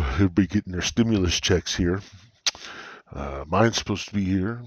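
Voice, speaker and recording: A man's voice: expressive, normal speed, pauses often, breathy edge, no room sound, dull audio. A man hosting a solo podcast, rambling in a crude, joking way, drowsy and yawning, talking into a cheap gaming headset. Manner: profane, jokey, drawling, with yawns and sudden high squeals. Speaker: podcast host.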